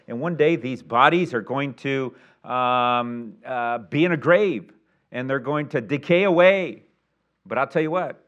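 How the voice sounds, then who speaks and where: A middle-aged man preaching a sermon as pastor, telling a story in a folksy way with many restarts, moving between quiet asides and loud, emphatic peaks. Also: mid-range voice.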